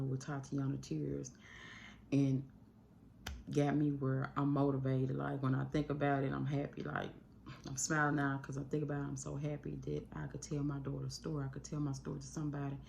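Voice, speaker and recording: Extremely low-pitched and creaky with a darkish tone, a woman talks fairly quickly and completely flatly into her phone mic, with slight background noise. She hosts a YouTube channel and, at home, earnestly discusses coping with grief to camera, rambling and often shifting her pace.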